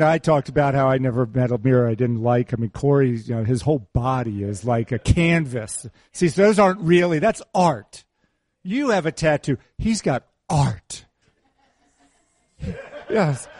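In a dry, studio-quality recording, a pastor with a mellow, medium-pitched voice preaches casually and conversationally. He leans on repeated key phrases for emphasis and slips in playful jabs at people in the congregation.

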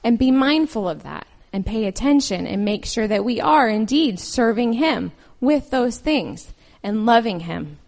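A woman's voice: a little high, lively intonation, unhurried, gravelly, hardly any pauses, darkish tone. A woman reading scripture aloud, then preaching in an earnest, conversational way with personal stories. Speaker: lay preacher.

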